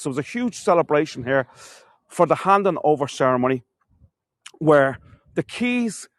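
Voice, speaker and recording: A man's voice: mid-range voice, no echo. An Irish man guiding a live walking tour, telling history in a chatty storyteller way and calling his viewers folks. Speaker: tour guide. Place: castle courtyard outdoors.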